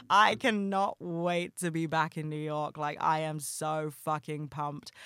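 A young adult host talking casually and heartfelt on a solo podcast, rambling with lots of "like" and swearing, bursting into excitement. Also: mid-range voice, smooth, dry recording, studio quality.

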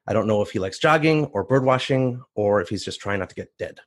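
A man telling a first-person story on stage, animated and acting out the voices of others. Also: lowish voice, brisk. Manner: animated, acts out voices in quotes.

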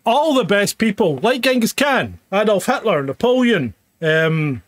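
A man's voice: high voice, big pitch swings, unhurried, dry recording. A man co-hosting a live-streamed chat show, sweary and teasing, who laughs often. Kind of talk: casual chat. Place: home.

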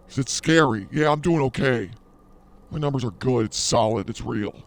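A male podcast co-host bragging and ribbing his partner in playful banter. His voice has a gravelly, fry-heavy texture at a middle pitch. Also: moderate pace, no room sound. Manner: boastful, mock-arrogant teasing. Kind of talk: comedic banter.

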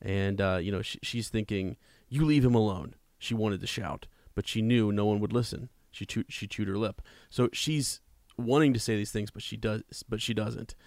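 A man's voice: on the low side, steady tone, normal speed, no echo, clean studio sound. A man discussing a novel in casual chat, reflective and chatty, reading out passages now and then. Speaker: co-host of a book discussion.

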